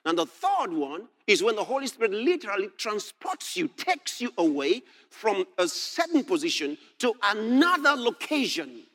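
A man preaching a sermon, reading scripture aloud and expounding it with animated emphasis, sometimes shouting. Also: high-pitched, moderate pace, hardly any pauses.

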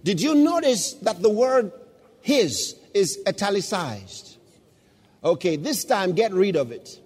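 A man preaching a sermon as pastor, reading scripture slowly and then breaking into shouts of praise. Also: sits high, sing-song, breathy edge, big-room sound. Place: church.

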